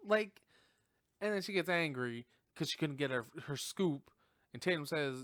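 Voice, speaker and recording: A young man hosts a podcast, recapping a film in casual conversation, laughing often, swearing, and acting out the characters' lines. His voice sits on the high side, a bit bright, clear and resonant, and he talks slowly and drawn-out, saying "like" a lot. The recording is dry with clean studio sound.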